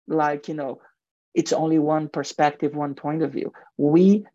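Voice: medium pitch, fairly even intonation, unhurried, warm tone, no echo. A guest in marketing and advertising speaks earnestly in a radio interview with a heavy accent and frequent restarts. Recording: dull lo-fi radio sound, dry.

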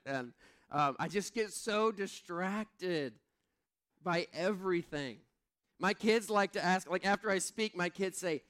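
A man's voice: a little high, moderate pace, fairly bright tone. A middle-aged man preaching a sermon in a humorous, self-mocking way, acting out the voices he quotes. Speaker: pastor.

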